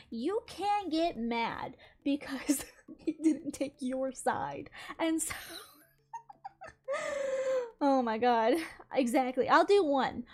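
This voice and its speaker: High-voiced young woman telling a story. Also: slow, long pauses. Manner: animated, exasperated retelling with laughs. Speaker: gaming channel host. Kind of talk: casual storytime chat.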